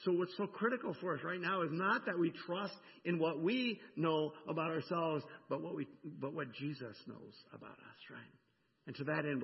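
Pastor guy preaching, gravelly voice, lots of "right?", dull echoey church sound. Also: on the high side. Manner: animated, conversational preaching with frequent "right?". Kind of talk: sermon. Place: church sanctuary.

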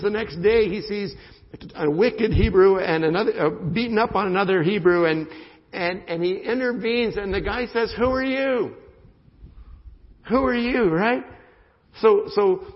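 A pastor delivers a sermon with animated emphasis, checking in with his congregation again and again. His voice is gravelly and sits a little high. The sound is muffled and rings with a long hall reverb. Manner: animated preaching, repeats "right?" often.

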